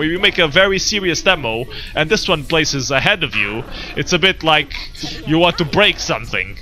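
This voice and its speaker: A man hosting a casual livestream chat, relaxed and chatty, often laughing. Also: on the high side. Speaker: livestream host.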